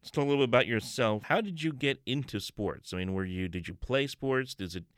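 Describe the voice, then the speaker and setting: An upbeat male sports show host, chatting easily with his guest. His voice sits at an ordinary middle pitch and sounds close and dry. He talks in quick, friendly runs and often restarts his sentences. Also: expressive, fairly bright tone, dry recording. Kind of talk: broadcast sports interview.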